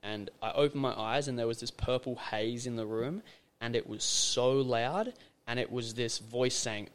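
A young man appears as a podcast guest, chatting casually in a mid-range, fairly even voice at a measured pace. His storytelling rambles loosely and is packed with fillers.

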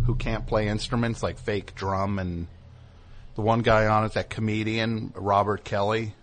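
Low-voiced man rambling through a comedy monologue. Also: a bit bright. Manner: meandering, many fillers, mock voices for bits. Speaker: radio show host.

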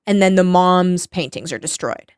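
A woman's voice: on the low side, moderate pace, clear, resonant tone, no room sound, clean studio sound. A woman in her thirties casually recapping a novel's plot as a podcast co-host, rambling, swearing and quoting characters. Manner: rambling plot summary with quoted voices and swearing. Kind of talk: casual book recap chat.

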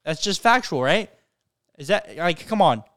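A man's voice: fairly high pitch, measured pace. A young man co-hosting a casual podcast, joking and telling stories with lots of energy. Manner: joking, animated storytelling. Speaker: podcast co-host.

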